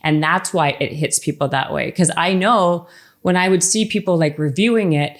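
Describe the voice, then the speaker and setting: A woman's voice: lowish voice, moderate pace. A woman hosting a podcast interview, talking casually with lots of fillers and checking for agreement. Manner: chatty, many "like" fillers, asks for agreement. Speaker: podcast host.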